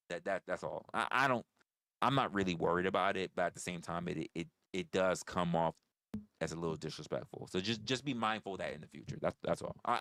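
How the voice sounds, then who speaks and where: A man's voice: low voice, creaky, a bit bright, no echo, clean studio sound. A man hosting a livestream in casual chat with viewers, blunt and profane, often stammering and restarting his phrases. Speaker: livestream host.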